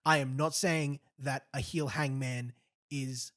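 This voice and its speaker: A man's voice: medium pitch, fairly even intonation, slow, fairly bright tone. A man co-hosting a casual wrestling podcast who talks animatedly, laughs often and slips into mocking impressions. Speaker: podcast co-host.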